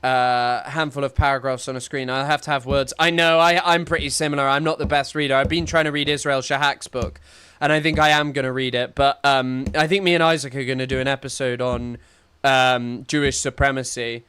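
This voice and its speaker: A man's voice: mid-range voice, steady tone, fairly quick, sharp tone, smooth. A young man, rambling and sarcastic in casual live-stream commentary, full of restarts and fillers. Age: young adult.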